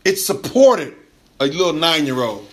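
A male pastor whose voice is on the high side preaches at a measured pace. His sermon is loose and animated, with lots of laughter and repeated restarts.

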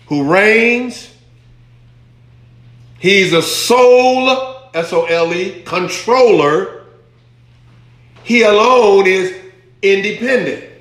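A male pastor teaching from the pulpit, repeating his key points with emphasis and asking his listeners to answer back. His voice sits a little high and moves slowly. It rings out in a strongly echoing church hall. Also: a bit bright. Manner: repetitive, emphatic teaching with call-and-response. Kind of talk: sermon. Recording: very echoey hall.

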